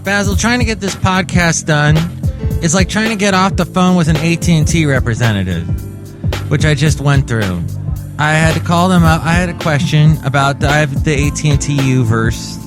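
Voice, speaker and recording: Solo comedy podcaster: a chatty, joking man, a little high-pitched, with clear music under him. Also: moderate pace. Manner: chatty, rambling, jokey. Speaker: podcast host.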